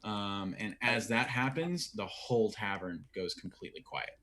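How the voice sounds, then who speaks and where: Low-voiced man narrating as game master. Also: moderate pace, a little hiss or hum. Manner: relaxed, descriptive, with fillers.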